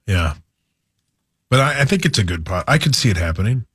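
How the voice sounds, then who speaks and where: A man co-hosting morning radio in a relaxed, agreeable way. His voice is low with a husky grain. He talks like a regular at the studio table. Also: a little fast. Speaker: radio co-host.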